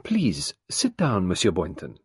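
A man voicing a courteous, fussy older male detective who speaks in a polite, measured, formal way. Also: deep voice, huge pitch swings, husky, no room sound, studio quality, exaggerated voice.

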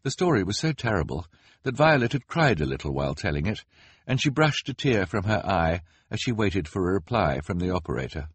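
Husky, expressive male audiobook narrator. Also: low-pitched, no echo. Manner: expressive, measured storytelling.

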